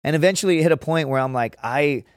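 A man's voice: a little high, fast talker, dry recording, studio quality. Rambling, profane man from south Texas. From Laredo, Texas. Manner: rambling, heavy swearing, frequent "right?" and "dude". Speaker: podcast guest. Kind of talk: casual storytelling.

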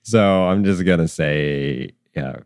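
A man's voice: deep voice, takes it slowly, a little mellow. A man running a tabletop game as dungeon master, in a rambling way with many ums and chuckles at himself.

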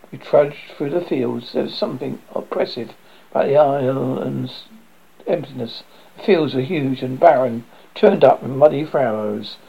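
A man reading his own book aloud in the first person, theatrical and lively, with sudden loud exclamations. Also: medium pitch, gravelly, slightly rough. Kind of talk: first-person storybook narration. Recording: dull lo-fi audiobook recording.

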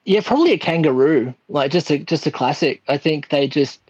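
Casting: relaxed Australian guy, a touch high-pitched, dry close sound, casual swearing podcast guest. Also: brisk, husky, dry recording, highs cut off. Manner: laid-back, swears freely, easy laughter. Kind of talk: casual chat.

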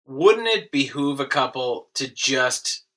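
A man co-hosting a podcast in casual chat, asking wry, deadpan questions. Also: medium pitch, slow. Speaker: podcast co-host.

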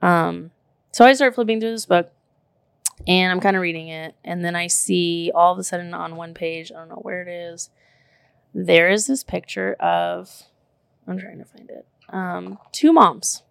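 A woman in her thirties telling a story in casual chat, animated and emphatic, full of "like" and the odd curse word. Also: lowish voice, unhurried, creaky, clear, resonant tone, no echo. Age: 30s.

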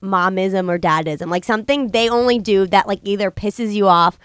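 A woman co-hosting a chat podcast who eagerly asks questions and jumps in quickly. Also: mid-range voice, fairly bright tone, clear, resonant tone, dry recording. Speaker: podcast co-host.

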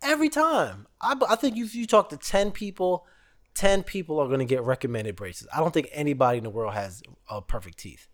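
A man's voice: fairly high pitch, brisk. A man in his thirties hosting a podcast, telling stories in a casual, joking, slangy way. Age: 30s. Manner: animated storytelling, slangy and joking. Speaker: podcast host. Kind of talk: casual chat.

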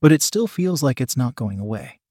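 A man's voice: medium pitch, animated, moderate pace, dark tone, slightly rough, dry recording, clean studio sound. A man voicing an easygoing young man who answers plainly and matter-of-factly in a storybook reading.

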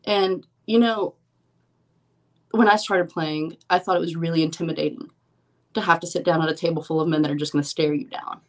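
A woman's voice: low-pitched, steady tone, brisk. A young woman, a professional poker player, talking frankly and casually as an interview guest, with lots of "like" fillers. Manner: chatty, frank, many "like" fillers.

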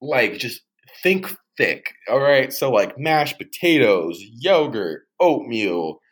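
A man's voice: mid-range voice, very animated, slow, rough recording. Laid-back young man, laughing guest. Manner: laid-back, laughs a lot, swears casually. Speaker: podcast guest. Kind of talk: casual chat.

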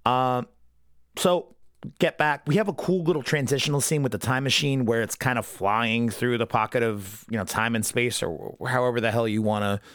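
Man, podcast host, casual rambling commentary, profane, mid-pitched voice, dry close sound. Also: steady tone, a bit bright, dry recording. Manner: profane, rambling, acts out character lines in quick impressions. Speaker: podcast host reviewing an anime episode.

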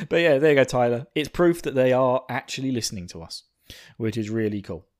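A man's voice: medium pitch, a little fast. A young man from England with an Essex accent, hosting a podcast in casual, self-mocking chat and laughing often. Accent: Essex English. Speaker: podcast host.

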